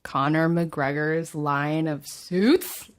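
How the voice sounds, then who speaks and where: A woman co-hosting a casual podcast chat, excitable and laughing, swearing freely. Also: low-pitched, drawn-out words. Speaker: podcast co-host.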